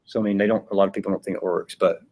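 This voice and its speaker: A man's voice: sits low, fairly even intonation, rapid-fire, darkish tone. Chatty male philosophy teacher. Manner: chatty, acts out examples in voices. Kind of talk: casual classroom lecture. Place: classroom.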